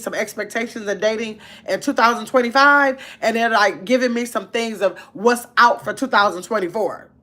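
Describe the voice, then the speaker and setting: A woman's voice: fairly high pitch, fairly bright tone. Chatty woman livestreaming to her viewers. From Wisconsin, US. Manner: chatty, greets viewers by name, colloquial. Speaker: livestream host. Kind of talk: casual livestream chat reading comments.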